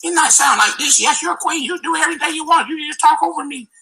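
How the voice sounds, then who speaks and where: A man voicing a bossy woman in a shrill, mocking falsetto. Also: quick pace, bright, forceful tone, faint music behind, exaggerated voice. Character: mocked bossy woman talking down to him.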